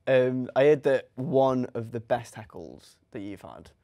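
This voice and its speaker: A man's voice: medium pitch, lively intonation, unhurried, dark tone. A man hosting a casual chat show, asking questions and reacting with short jokey remarks. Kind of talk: casual interview.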